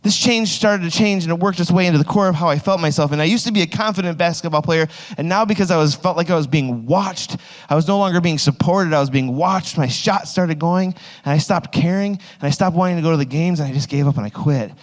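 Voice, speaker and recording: A man's voice: fairly high pitch, fast talker, hardly any pauses. A man in his thirties, a youth pastor, telling a rambling, self-mocking personal story in a sermon, full of "like" fillers, on stage microphones. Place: large hall with an audience. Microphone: two stage microphones. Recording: long hall reverb.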